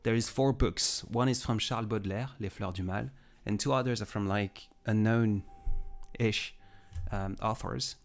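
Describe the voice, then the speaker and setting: A man's voice: lowish voice, moderate pace, creaky, few pauses. A man chatting casually on a livestream, rambling and restarting his sentences as he answers viewers. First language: French. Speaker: livestream host. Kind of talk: casual chat, reading viewer comments.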